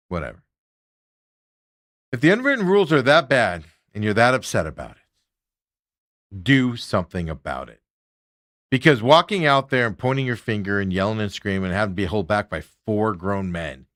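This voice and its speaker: A man's voice: fairly low pitch, a bit bright, no room sound, clean studio sound. A man hosting a sports talk show, ranting with strong opinions and mocking players in put-on voices. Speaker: sports radio host.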